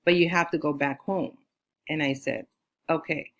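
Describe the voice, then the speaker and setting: Female astrologer from California, lowish voice; rambling casual storyteller who acts out quotes. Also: fairly even intonation, moderate pace. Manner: chatty, with many fillers like "you know"; acts out quoted lines in a higher voice.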